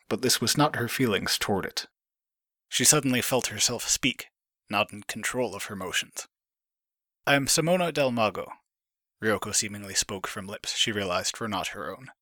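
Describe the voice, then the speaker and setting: A man reading a story aloud as narration, steady and measured, picking up speed at tense moments. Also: fairly low pitch, dry recording, studio quality. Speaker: fan fiction reader. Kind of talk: scripted narration.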